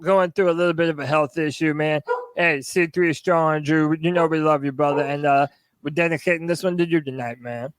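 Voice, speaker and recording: A man co-hosts a casual sports podcast with hyped energy. His high, smooth voice comes through dry and close. He rattles off shout-outs with relish. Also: fairly even intonation, brisk, no room sound. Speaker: podcast co-host.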